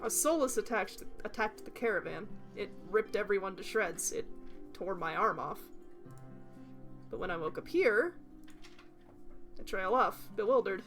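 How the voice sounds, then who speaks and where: A woman's voice: medium pitch, animated, unhurried, pauses often, a bit bright, soft background music. A young woman streaming a game, reading its text aloud and bantering in a giggly, teasing way.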